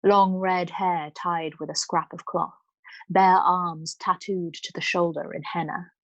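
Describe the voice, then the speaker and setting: A woman storyteller reading a novel aloud in a calm, measured way. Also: on the low side, no room sound, highs cut off. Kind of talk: bedtime book reading.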